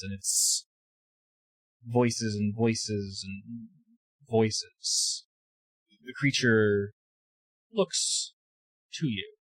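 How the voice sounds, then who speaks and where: A man narrating a tabletop role-playing scene as game master, with a hesitant delivery and pauses filled with "uh". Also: on the low side, a bit bright, no echo, rough recording.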